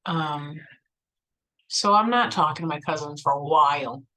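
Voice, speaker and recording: A woman's voice: deep voice, a little slow, bright, forceful tone, low-quality recording. A woman vlogger telling a personal story in a chatty way, full of "like" and "you know," acting out her own past replies.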